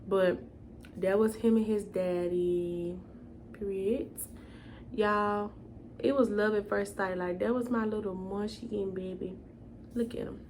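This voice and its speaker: A woman's voice: medium pitch, a little mellow, slight background noise. A young woman telling a storytime vlog in a casual, chatty way, addressing viewers as y'all. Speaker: vlogger.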